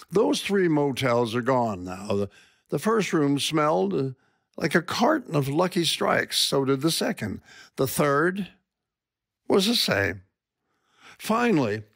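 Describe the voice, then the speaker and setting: A man's voice: on the high side, gravelly, fairly bright tone, no room sound, studio quality. An older man reading his own column aloud as wry, dramatic personal storytelling.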